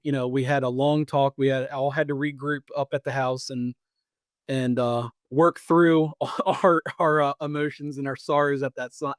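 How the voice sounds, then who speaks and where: A man's voice: medium pitch, no echo, clean studio sound. A man in his thirties, a podcast co-host, casually telling a long hunting story with lots of restarts and repeats. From Pennsylvania or Maryland.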